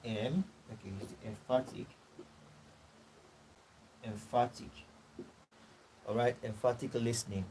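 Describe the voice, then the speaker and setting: Man, Nigerian English accent, classroom lecture, repetitive, throat-clearing, faint background noise. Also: mid-range voice, fairly even intonation, brisk, hardly any pauses, a little mellow, low-quality recording. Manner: repetitive, checks in with "all right" and "you know". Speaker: course tutor.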